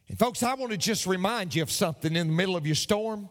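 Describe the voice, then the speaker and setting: A man's voice: high voice, expressive, quick pace, few pauses, big-room sound. A man preaching a sermon as a pastor, speaking emphatically and repeating key phrases for weight.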